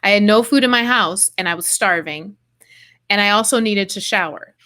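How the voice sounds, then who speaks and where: A woman hosting a podcast, telling a personal story in animated casual chat with quick asides. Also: mid-range voice. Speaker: podcast host.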